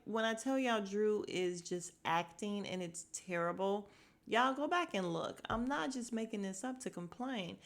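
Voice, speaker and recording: An animated woman hosting a podcast, chatting through a reality-show recap with gossipy energy and frequent laughter. Her voice sits at an ordinary pitch for a woman. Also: unhurried. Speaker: podcast host.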